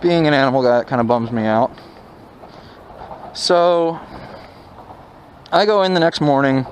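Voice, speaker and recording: Out on a motorcycle ride, a young motovlogger tells a personal story in a casual, candid, wry way. His voice is medium-pitched and unhurried, and wind and vehicle noise fill the outdoor recording.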